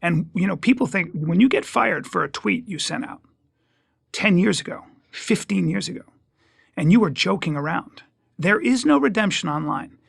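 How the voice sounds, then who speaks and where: A man, a stand-up comedian guest, talking in a casual interview in an emphatic, joking way that swings from loud to hushed. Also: high-pitched, lively intonation, normal speed, creaky, breathy edge, no echo, studio quality.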